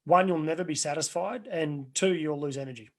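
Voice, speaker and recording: A man's voice: a little high, a little fast. Earnest man coaching. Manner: earnest, rambling with restarts and anecdotes. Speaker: life coach. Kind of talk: webinar Q&A answers.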